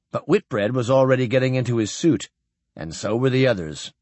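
A man giving an expressive scripted narration of a science fiction novel. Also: medium pitch, normal speed, no echo. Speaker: audiobook narrator.

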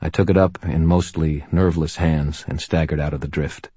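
An audiobook narrator, a man with an extremely low, husky voice, tells a first-person story in a dry, wry way with a touch of humor. His tone is steady and mellow, his speed normal. The recording is close and dry, without echo or room sound.

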